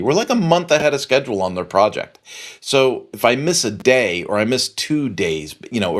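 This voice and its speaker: A middle-aged man hosting a podcast, telling a long story in a casual, rambling way and repeating phrases for emphasis. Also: medium pitch. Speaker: podcast host.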